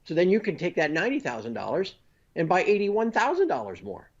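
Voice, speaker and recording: A man talking through finance as an interview guest, his voice sitting a little high for a man. He builds each point one step at a time and checks in with the host as he goes. The remote audio comes through dull and lo-fi. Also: huge pitch swings, a little fast. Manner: explains step by step with frequent "you know" and "okay?". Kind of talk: conversational interview.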